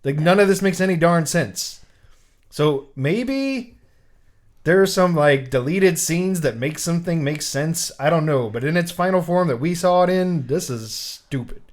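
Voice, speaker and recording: A man's voice: on the high side, unhurried. A man co-hosting a casual movie review podcast, telling the plot with animation and frequent restarts and fillers. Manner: animated storyteller, lots of "like" and restarts. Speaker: podcast co-host.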